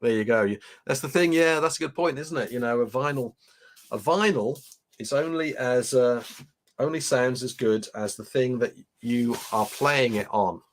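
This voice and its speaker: A man's voice: mid-range voice, moderate pace. A man hosting a casual live unboxing stream, chatting loosely and reading viewer comments aloud. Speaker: livestream host.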